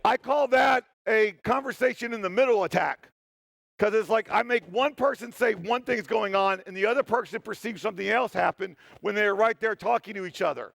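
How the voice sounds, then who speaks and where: A man telling an animated, joking story during a conference talk on stage, often poking fun at himself. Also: sits high, a little fast, gravelly, no room sound. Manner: animated, joking, self-deprecating. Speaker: security tester giving a talk. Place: stage in a hall.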